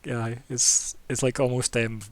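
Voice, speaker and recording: A man's voice: mid-range voice, flat delivery, measured pace, no echo. A man, narrating as game master in a loose, chatty way with many fillers.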